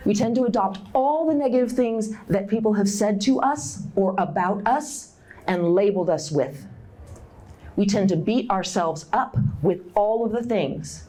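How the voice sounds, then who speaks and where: Lively, expressive woman giving a workshop talk. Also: measured pace. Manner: animated, acts out inner voices with big pitch jumps; direct and encouraging, with laughs. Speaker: conference speaker. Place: conference room.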